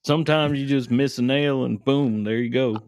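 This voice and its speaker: Male co-host, mid-pitched voice, dry sound; blunt and sarcastic. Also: steady tone, normal speed, a little mellow, clear, resonant tone, no echo. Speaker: podcast co-host. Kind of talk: casual chat.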